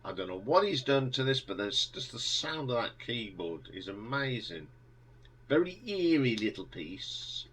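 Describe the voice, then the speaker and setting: A man's voice: medium pitch, big pitch swings, a little slow, fairly bright tone, husky, rough recording. A man talking casually as he ranks a band's albums, rambling with many ums and restarts, enthusiastic. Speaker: music reviewer. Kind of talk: casual album review monologue.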